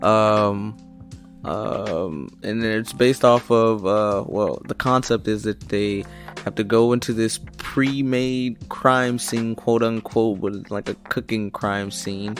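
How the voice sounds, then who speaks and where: A young man with a fairly low voice co-hosts a podcast in an easygoing, slangy way, often calling people "bro". Faint music sits under his voice. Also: fairly even intonation, slow pace. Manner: laid-back, slangy, says "bro" a lot. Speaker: podcast co-host. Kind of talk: casual chat.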